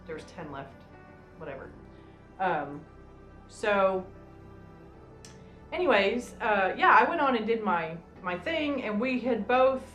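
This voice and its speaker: A woman's voice: mid-range voice, a bit bright. A woman vlogger telling a personal story in casual chat, rambling with many fillers like "um" and "you know". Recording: roomy room with faint music.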